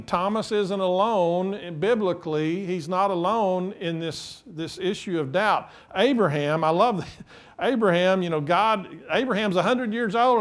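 Guy preaching, high voice, super animated, does little voices for the bible people. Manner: animated, acts out quotes with voices, laughs often. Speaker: pastor. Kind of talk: sermon.

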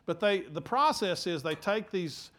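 Emphatic pastor preaching. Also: male voice, high-pitched, expressive. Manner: halting restarts, swings from quiet to emphatic. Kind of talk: sermon.

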